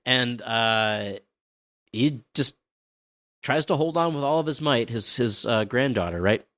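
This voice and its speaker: A man's voice: medium pitch, animated, measured pace, a bit bright. A man on a podcast casually recapping a comic chapter, hesitant and full of ums and uhs.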